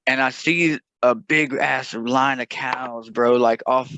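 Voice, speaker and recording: A man's voice: mid-range voice, steady tone, takes it slowly, pushed and bright, no echo, lo-fi sound. Swearing young guy telling a story. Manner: profane, rambling, jokey. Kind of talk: casual podcast storytelling.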